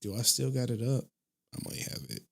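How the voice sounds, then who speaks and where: A man's voice: medium pitch, very animated, vocal fry, fairly bright tone. A man hosting a live stream, reacting casually and laughing at clips. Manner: laid-back, laughing, slow-paced reactions. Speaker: stream host.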